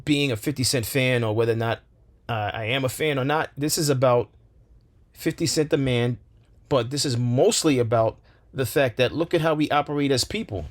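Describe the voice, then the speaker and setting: A man's voice: medium pitch, normal speed. A man hosting a commentary channel, speaking with passion, firing rhetorical questions and repeating phrases for emphasis. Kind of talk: opinion commentary monologue.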